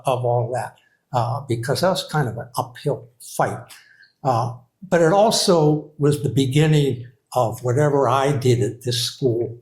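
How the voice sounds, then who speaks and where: An older man speaks to a gathered audience, recalling a late colleague in a loose, hesitant way. He restarts his sentences often and fills pauses with soft "uh"s, at a mid-range pitch. The sound carries the echo of the room. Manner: rambling, hesitant, with many uh fillers and restarts. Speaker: former creative writing program director. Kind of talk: memorial remarks to an audience. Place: hall with a live audience. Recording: echoey room.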